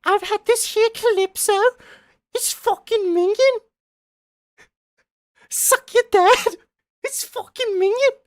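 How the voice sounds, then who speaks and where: A man voicing a rowdy young British chav lad in a put-on English chav accent, high and squeaky, with crude jeering slang. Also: slow, pauses often, no echo, clean studio sound. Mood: mocking. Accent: English chav imitation.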